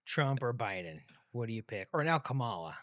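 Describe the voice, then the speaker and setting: Upbeat guy guesting on a podcast, regular-pitched voice, dry sound, pretty hyped and slangy. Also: sing-song, a little fast, fairly bright tone, no echo, highs cut off. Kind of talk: casual chat.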